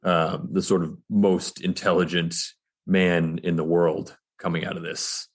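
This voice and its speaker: Podcast co-host, male, low husky voice, laid-back and opinionated. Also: unhurried. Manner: relaxed, opinionated, thinking aloud. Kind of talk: casual chat.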